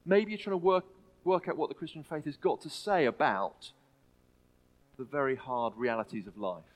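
A man preaching a sermon in a church, earnest and halting, often restarting his phrases. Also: medium pitch, low-quality recording. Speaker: pastor.

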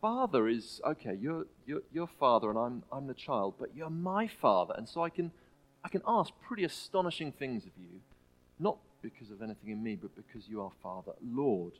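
Earnest male preacher with halting restarts. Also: medium pitch, sing-song, rough recording. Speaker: pastor. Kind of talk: sermon. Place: church.

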